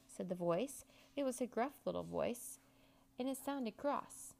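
A woman reads a children's story aloud with lively, animated pitch. Her voice has a gravelly fry to it, and her telling is expressive throughout. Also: unhurried. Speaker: narrator. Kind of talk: storybook narration.

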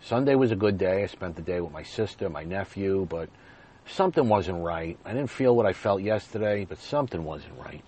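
A man hosting his own podcast, retelling a personal story in a monologue that swings between loud bursts and quiet asides. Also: low voice, expressive, fairly quick, breathy edge.

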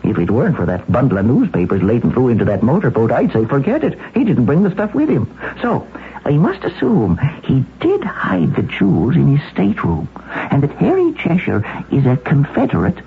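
A shrewd, self-assured police chief in an old-time radio drama, talking in a breezy, folksy way. His pitch swings widely. The old broadcast sounds thin and phone-like, with a faint hiss. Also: wildly swooping pitch, moderate pace, gravelly. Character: confident, shrewd Boston police chief, middle-aged man.

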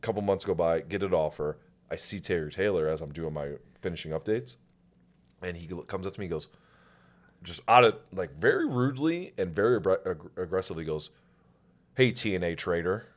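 A man's voice: low-pitched, animated, fairly quick. A man hosting a podcast, telling stories in a casual, profane, self-mocking way. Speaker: podcast host. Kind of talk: casual storytelling chat.

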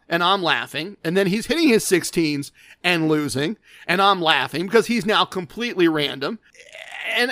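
Male storyteller, high voice, dry close mic, wry self-deprecating anecdote delivery. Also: fairly bright tone, dry recording. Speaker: gambling storyteller. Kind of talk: casual spoken anecdote from bullet points.

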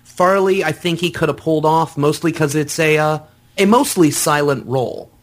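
A man's voice: fairly high pitch, moderate pace. A man in casual conversation, thoughtfully explaining film history and rumors.

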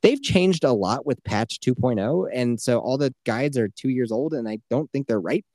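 A man in his thirties rambles through a gaming story in a loose, profane way, acting out lines people said. His voice sits at an ordinary pitch. The sound is dry and close. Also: animated, normal speed, darkish tone, dry recording. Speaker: podcast co-host. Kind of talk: casual chat.

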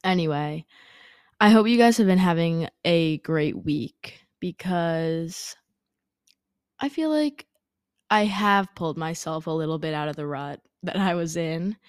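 A woman's voice: on the low side, a little slow, clear, resonant tone, no echo, studio quality. A young woman hosting a podcast, chatting candidly and casually with lots of "like" and casual swearing, a little under the weather. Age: young adult. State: congested, fighting off sickness. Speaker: podcast host. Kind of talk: casual solo podcast chat.

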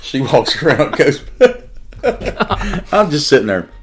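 A middle-aged man, a police detective, telling a personal story in an interview in an earnest, emotional way with halting restarts. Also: fairly high pitch, very animated, fairly bright tone, soft background music.

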